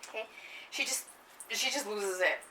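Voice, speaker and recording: Lively woman teacher in an echoey room. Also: medium pitch, normal speed, a little hiss or hum. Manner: lively, emphatic, keeps checking in with the class. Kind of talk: classroom lecture. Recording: echoey room, mic far off.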